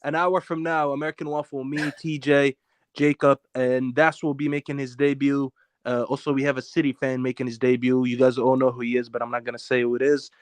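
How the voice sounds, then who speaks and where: A man's voice: mid-range voice, little pitch movement, fairly quick, no echo. A man co-hosting a streamed call-in show in casual banter, teasing and mocking the others and talking over them. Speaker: co-host.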